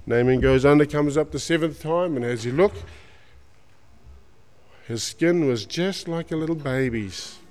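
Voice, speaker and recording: Australian preacher, slangy storytelling. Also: male voice, a little high, measured pace, long pauses, a little mellow, big-room sound. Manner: colloquial storytelling, acting out characters. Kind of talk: sermon. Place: church.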